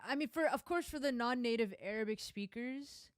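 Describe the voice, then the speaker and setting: A young woman streamer giving casual reaction commentary on film clips, animated and emphatic, with frequent asides. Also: on the high side, moderate pace, dry recording, clean studio sound.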